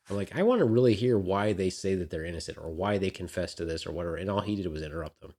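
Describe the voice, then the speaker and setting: Low-voiced man ranting bluntly. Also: quick pace, hardly any pauses, a little mellow. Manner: blunt, ranting, swears freely. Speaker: podcast co-host. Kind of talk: casual opinionated chat.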